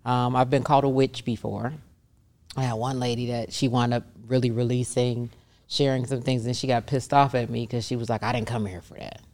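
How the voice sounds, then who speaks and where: A woman's voice: a bass voice, little pitch movement, brisk, darkish tone. A middle-aged woman, a massage therapist, talks casually in an interview and animatedly acts out the voices of the people she quotes.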